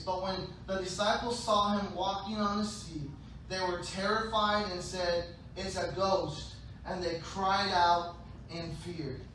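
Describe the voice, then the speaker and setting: A high, bright-voiced man preaches playfully, now and then shouting out short scenes in put-on voices. He is heard from a distance in a very echoey church hall, with faint noise underneath. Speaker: pastor. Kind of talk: sermon.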